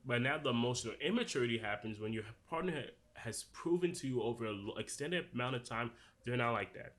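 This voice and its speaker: A man's voice: mid-range voice, lively intonation, a little fast, fairly bright tone. A young man with a noticeable accent co-hosting a podcast, talking earnestly and loosely with lots of "like" and restarts. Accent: noticeable non-standard accent. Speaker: podcast co-host. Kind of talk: casual podcast discussion.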